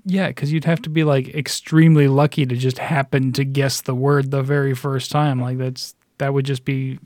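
A man's voice: mid-range voice, little pitch movement, moderate pace, darkish tone, dry recording, clean studio sound. A man co-hosting a podcast in rambling casual chat, often repeating his words, over a remote call. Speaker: podcast co-host.

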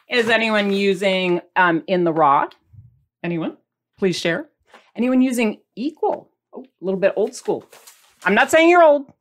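A woman hosting a podcast who chats to her viewers in a casual, playful way. She keeps asking them questions and holds up products while she talks. Her voice sits at a middle pitch. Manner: chatty, asks the audience questions; playful, mimics listeners' reactions. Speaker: podcast host.

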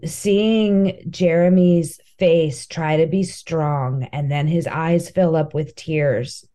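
A woman comedian speaks as a podcast guest, candid and heartfelt in her stories. Her voice is low and mellow, and she talks at a slow, easy pace. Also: fairly even intonation. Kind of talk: casual interview chat.

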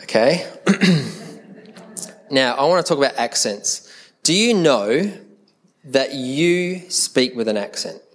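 A middle-aged Australian man from Adelaide preaching a sermon as a pastor, in a conversational, animated way that slips into quoted voices. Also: mid-range voice, takes it slowly, long pauses.

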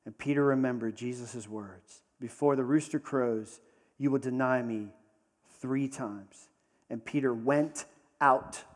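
A man preaching a sermon in a conversational storytelling manner, slowing down for dramatic pauses. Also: medium pitch, big-room sound. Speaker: pastor.

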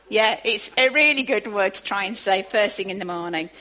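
A woman preaching a sermon, moving from quiet asides to emphatic, rising bursts. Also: a little high, brisk, hardly any pauses, rough recording.

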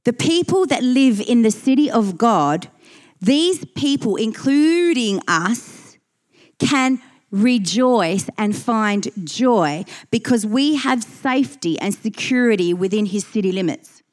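A woman's voice: fairly high pitch, lively intonation, slow pace, darkish tone. A woman preaching a sermon, earnest and emphatic, reading scripture and repeating key phrases for weight.

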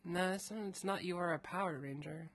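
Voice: mid-range voice, fairly quick, fairly bright tone. A podcast co-host chatting casually in a teasing, wry way. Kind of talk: casual chat.

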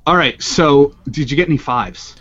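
Guy game-mastering a tabletop game, slightly high voice, chatty, dull lo-fi sound. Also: moderate pace, a bit bright. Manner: chatty, laughs while describing. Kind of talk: running a tabletop game, casual. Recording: dull lo-fi podcast audio.

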